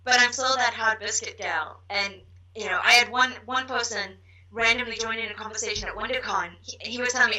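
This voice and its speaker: A woman from South Africa, a guest on a chat show, with a very bright, sharp tone and a fairly high voice. She talks eagerly and gushes about her favorite things. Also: steady tone, brisk, poor audio. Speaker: podcast guest. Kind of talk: casual chat.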